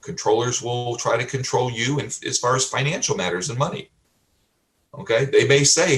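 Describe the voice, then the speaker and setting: A man teaching like a pastor, emphatic and repetitive, asking rhetorical questions and often adding "okay?", with frequent throat clearing. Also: medium pitch, fairly quick, fairly bright tone. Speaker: pastor and life coach. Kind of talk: teaching sermon. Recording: roomy, from a distance.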